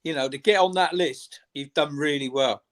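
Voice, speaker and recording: Man, slightly high voice, sincere earnest praise, casual stream chat. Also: normal speed, a bit bright. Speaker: guest on a live watchalong stream.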